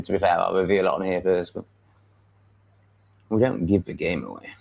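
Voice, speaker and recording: A man's voice: deep voice, moderate pace, gravelly, long pauses. Rambling, blunt Englishman on a livestream. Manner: rambling, blunt and self-assured, with many fillers. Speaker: livestream host. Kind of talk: casual live chat. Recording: dull lo-fi stream audio.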